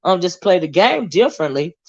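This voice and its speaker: A woman hosting a casual livestream gossip chat, reading viewer comments aloud in a chatty, laughing way with drawn-out asides. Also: lowish voice, very animated. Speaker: host. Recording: dull lo-fi sound.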